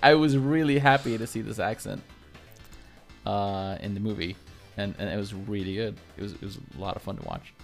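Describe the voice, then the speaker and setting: A man co-hosting a podcast in casual chat, hesitant, often pausing and restarting. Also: on the low side, gravelly, faint music behind. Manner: hesitant, many fillers and restarts. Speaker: podcast co-host.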